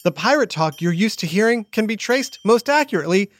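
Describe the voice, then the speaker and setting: A man hosting a children's educational podcast, narrating in an upbeat, animated way for kids. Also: sits high, brisk, dry recording. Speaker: host.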